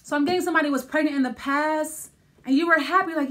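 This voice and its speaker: High-voiced woman doing a tarot reading. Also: steady tone, fast talker, fairly bright tone. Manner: thinking aloud, many restarts and fillers. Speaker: tarot reader.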